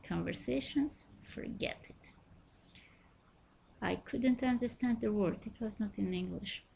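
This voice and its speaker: A woman's voice: fairly high pitch, measured pace, creaky, darkish tone, a little hiss or hum. A woman reading her own first-person memoir aloud, telling it in a wry, self-mocking way.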